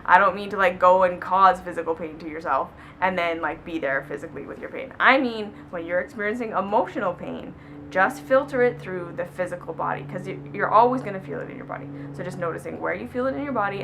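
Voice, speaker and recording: A woman vlogger talking to camera in a casual, earnest coaching tone, repeating gentle affirmations. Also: lowish voice, a little fast, over music, rough recording. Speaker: self-help vlogger.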